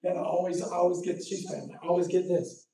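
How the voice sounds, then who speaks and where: High-voiced pastor in an echoey hall. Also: male voice, fairly even intonation, quick pace, gravelly, dark tone, recorded from a distance, slight background noise. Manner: storytelling, chuckling, folksy asides to the congregation. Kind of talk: sermon. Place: church sanctuary.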